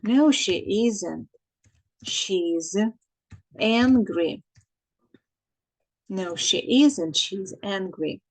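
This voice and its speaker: Slow-paced woman teacher. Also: mid-range voice, animated, a little mellow, low-quality recording. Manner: slow and repetitive, dictating answers, translating into Ukrainian. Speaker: English teacher. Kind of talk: recorded English lesson for children.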